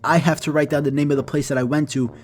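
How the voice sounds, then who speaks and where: A young man telling an animated comedy story with fast, profane, exaggerated delivery. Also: a little high.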